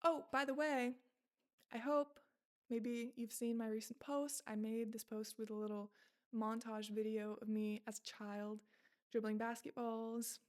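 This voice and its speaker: Young woman in her 20s vlogging, kinda high voice, chatty and rambly, thinking out loud. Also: fairly even intonation, a little slow. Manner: chatty and self-reflective, with frequent fillers. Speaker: content creator. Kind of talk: casual vlog monologue.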